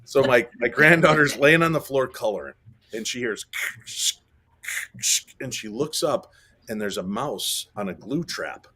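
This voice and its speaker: Animated, bright-voiced storytelling man. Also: medium pitch, measured pace, slightly rough. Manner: animated storyteller, acts out quotes. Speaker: guest. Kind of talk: casual chat.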